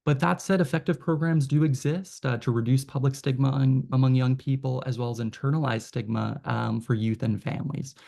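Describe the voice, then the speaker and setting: A man closing his panel remarks in a measured, explanatory way. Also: medium pitch, fairly even intonation, gravelly, dark tone. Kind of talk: presentation remarks.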